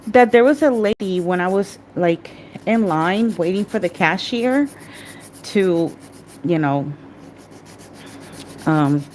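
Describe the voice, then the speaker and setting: A middle-aged woman with a somewhat low voice talks openly about her week in casual, rambling sentences. She backtracks and restarts often, like someone confiding in a friend while working on a nail set. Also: a little hiss or hum. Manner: candid, rambling, with many restarts and fillers. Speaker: nail artist and vlogger. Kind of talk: casual personal storytelling during a nail tutorial.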